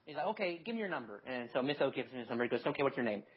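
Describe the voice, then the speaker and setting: A man co-hosting a podcast, telling stories in a casual, animated way with swearing. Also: medium pitch, rapid-fire, husky. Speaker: podcast co-host. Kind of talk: casual chat. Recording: dull lo-fi sound.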